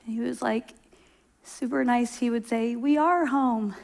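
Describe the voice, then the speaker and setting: Woman pastor, middle-aged, high voice, chatty sermon delivery with acted-out quotes. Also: steady tone, measured pace, vocal fry, a little mellow. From Oklahoma. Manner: conversational storytelling, acts out quoted voices.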